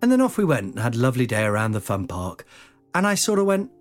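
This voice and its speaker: A man's voice: mid-range voice, quick pace, soft background music. A man in his forties casually telling a funny personal story as podcast host, swearing and acting out the voices. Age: 40s. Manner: lively, swears, acts out voices.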